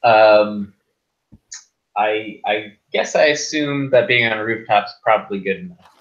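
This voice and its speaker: A man's voice: lowish voice, unhurried, lo-fi sound. A man playing a tabletop role-playing game, talking wryly and laughing at his own jokes. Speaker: player. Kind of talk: casual tabletop role-play.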